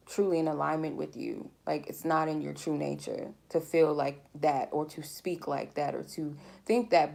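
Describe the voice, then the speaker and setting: A woman's voice: lowish voice, vocal fry, a little mellow. A woman giving a collective tarot reading in a casual, rambling way, speaking candidly and swearing freely. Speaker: tarot reader.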